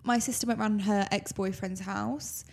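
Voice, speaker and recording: A woman's voice: mid-range voice, steady tone, moderate pace, gravelly, breathy edge. A young woman co-hosting a podcast, chatting bluntly and giggling with a friend. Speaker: podcast co-host. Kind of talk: casual chat.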